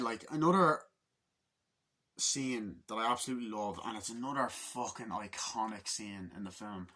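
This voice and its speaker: Man, casual rambling movie review, husky voice, heavy swearing, acts out scenes. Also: on the low side, sharp tone.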